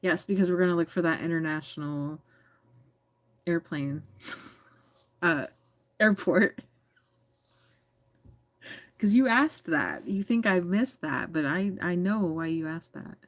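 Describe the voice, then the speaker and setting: American woman streamer, low voice, giggly, teasing, dry close sound, casual chat. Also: animated, slow pace, pauses often, no echo. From United States. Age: adult. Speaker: livestream host reading chat.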